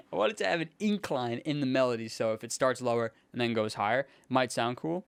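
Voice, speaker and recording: A young man, a music producer, casually thinking aloud in a relaxed, slangy way as he builds a track in his home studio. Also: mid-range voice, a little fast, gravelly, slight background noise. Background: faint synth music playing.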